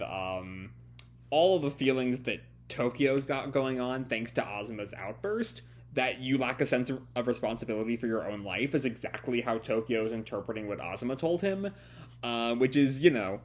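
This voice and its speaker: Brief: male reviewer, mid-pitch, halting casual commentary full of "uh" and "kind of.". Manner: hesitant, many fillers and restarts. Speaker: manga reviewer. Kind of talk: casual live reading commentary.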